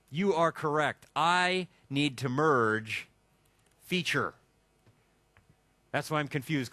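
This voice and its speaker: A man runs a hands-on coding class, thinking aloud as he types and tossing in wry jokes. His pitch jumps around with animated energy. The sound is dry and close. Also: no room sound. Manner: joking, chatty, thinks aloud while typing. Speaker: instructor. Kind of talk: live technical workshop. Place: classroom with a live audience.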